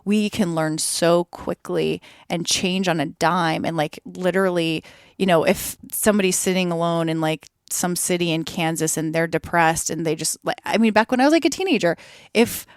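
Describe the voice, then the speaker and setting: A woman podcast guest talks candidly, lively and quick to act out her own inner thoughts. Her voice sits on the lower side for a woman. The sound is dry and close, with no room echo. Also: clear, resonant tone. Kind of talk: candid conversational interview.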